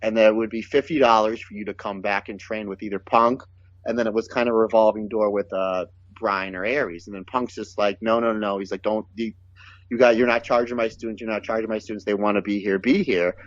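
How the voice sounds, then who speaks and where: A man telling lively stories and quoting the people in them, recorded in a dry, close space. The audio is a little dull and lo-fi, and his voice sits at an everyday middle pitch. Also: no room sound. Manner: animated, quotes others in his stories. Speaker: guest, pro wrestler. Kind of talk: casual storytelling.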